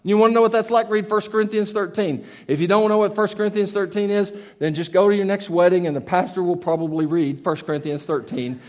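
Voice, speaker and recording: A man preaching from the pulpit with a high voice. He is earnest and plain-spoken, rising to loud emphasis and then dropping to soft, confiding asides. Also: quick pace, few pauses. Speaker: pastor. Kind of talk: sermon.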